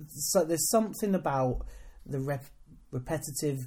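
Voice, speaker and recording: A woman's voice: low-pitched, expressive, moderate pace, mellow, breathy edge. A woman co-hosting a wrestling podcast from a hotel room, talking in a dry, rambling, self-deprecating way. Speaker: podcast co-host, wrestling promoter. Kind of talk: casual chat.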